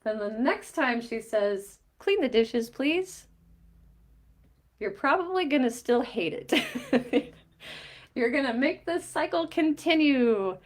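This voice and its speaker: A middle-aged woman, a mindset coach, explaining a diagram and retelling a coaching conversation in a lively storytelling way. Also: high voice, slow. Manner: animated storytelling, quoting both sides of a conversation with light laughs. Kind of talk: explaining a coaching diagram while recounting a session.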